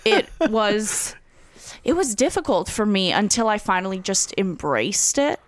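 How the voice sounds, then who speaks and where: A woman's voice: mid-range voice, sing-song, unhurried, no echo. Brief: young woman comic from Russia, blunt and profane, dry close mic. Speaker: comedian guest. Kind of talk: casual podcast chat.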